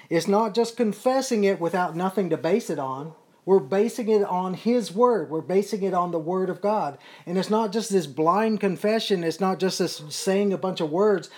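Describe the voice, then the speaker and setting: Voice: mid-range voice, unhurried, darkish tone. A person leading a casual Bible study, explaining scripture earnestly with frequent repeats and restarts. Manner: earnest, repetitive, self-correcting.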